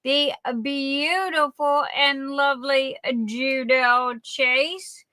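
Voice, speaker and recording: A livestream host with a high, clean voice and no echo greets her viewers by name. Her shout-outs are warm and chatty, and she calls them darling.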